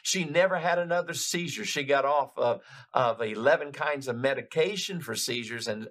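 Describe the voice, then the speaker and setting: An older man preaching a sermon, retelling a story in an animated, building way with frequent restarts. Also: medium pitch, creaky.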